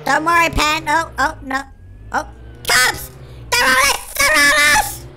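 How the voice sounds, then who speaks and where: A performer voicing an excitable cartoon chipmunk in a sped-up chipmunk filter, giving panicky, shrieky game commentary as the channel host. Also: high voice, unhurried, exaggerated voice. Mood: frantic. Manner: shrieky, panicky, constantly shouting to friends. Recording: noisy game sounds behind.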